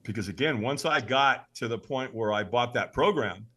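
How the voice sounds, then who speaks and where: A middle-aged man telling stories as a podcast guest, animated and emphatic. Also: mid-range voice, moderate pace. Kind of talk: storytelling in an interview.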